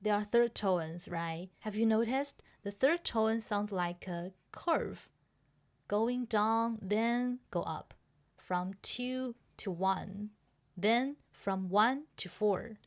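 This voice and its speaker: A woman's voice: medium pitch, takes it slowly. A woman hosting a podcast pronunciation lesson, explaining patiently step by step and checking that listeners follow. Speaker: language teacher and podcast host.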